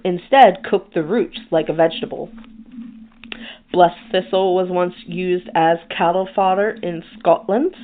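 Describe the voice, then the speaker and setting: A woman hosting a podcast in casual chat, reading from her notes. She is chatty and self-deprecating and stumbles over hard names. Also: lowish voice. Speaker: podcast host. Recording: tinny phone-like sound.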